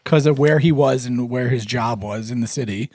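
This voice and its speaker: A man co-hosting a podcast, with a gravelly, husky voice and an argumentative, laughing way of bantering. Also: mid-range voice, moderate pace, darkish tone, no room sound. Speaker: podcast co-host. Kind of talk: casual chat.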